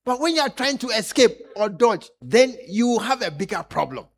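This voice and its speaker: A man preaching a lively sermon, acting out stories and laughing along with the congregation. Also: sits high, moderate pace, slightly rough.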